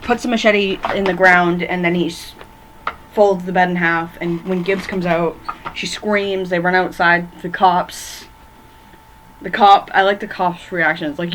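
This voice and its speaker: A woman with a fairly low, fairly bright voice keeps fairly even intonation and a moderate pace, though the recording is rough with slight background noise. In a loose bedroom chat, she ranks horror films, rambling, filling gaps with fillers, and fumbling names.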